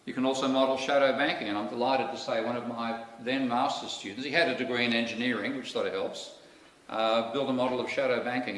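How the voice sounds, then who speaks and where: Speaking in a slightly low, somewhat bright voice, this Australian guest lecturer delivers a public talk with a wry, candid manner and plenty of asides. It was recorded in an echoey lecture hall from a distant mic, with faint noise.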